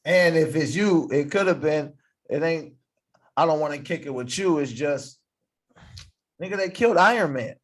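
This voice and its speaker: A man's voice: on the high side, animated, normal speed, pauses often. A man guesting on a comedy podcast, joking in laid-back casual chat.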